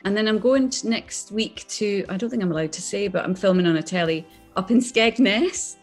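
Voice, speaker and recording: A chatty middle-aged woman with a Scottish accent talks casually as an interview guest, her voice at an everyday pitch. She tells her stories with animation and laughs often. Faint music sits behind her. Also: moderate pace. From born in England, raised on Islay, Scotland. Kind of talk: casual chat.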